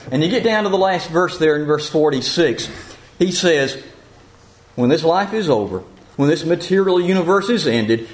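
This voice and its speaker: A male preacher with a somewhat high-pitched voice delivers an earnest sermon. He teaches in an even tone, asks rhetorical questions and slows to read scripture aloud. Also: poor audio.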